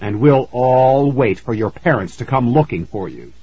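A sinister ghost leader speaks slowly in a deep, coldly calm voice, with icy menace under polite words, as a man acts him out. There is a husky grain to the voice. The storybook recording sounds slightly muffled and dry. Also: no echo. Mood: coldly menacing. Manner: deep, slow, coldly smooth.

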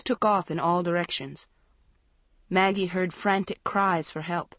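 A woman narrating a storybook in a measured, dramatic way. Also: on the low side, fairly even intonation, a bit bright, no echo. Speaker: audiobook narrator.

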